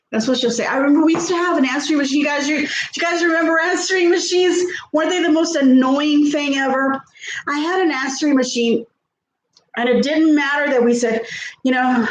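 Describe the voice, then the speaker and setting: Chatty high-voiced woman cooking. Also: fairly quick, roomy sound, slight background noise, low-quality recording. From South Texas. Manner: chatty, laughs often, reads viewer comments aloud. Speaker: vlogger. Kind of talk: casual chat while cooking. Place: home kitchen.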